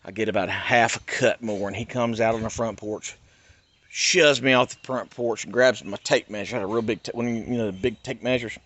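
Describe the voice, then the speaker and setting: A middle-aged man from North Carolina, telling a personal story in an animated, emphatic rant. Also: fairly low pitch, fairly quick. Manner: animated, emphatic, swings between loud and hushed. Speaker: YouTuber.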